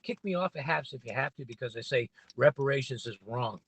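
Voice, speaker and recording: A man's voice: mid-range voice, animated, a little fast, fairly bright tone, slightly rough. A man hosting a casual livestream from his parked car, rambling and opinionated with many restarts. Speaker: livestream host.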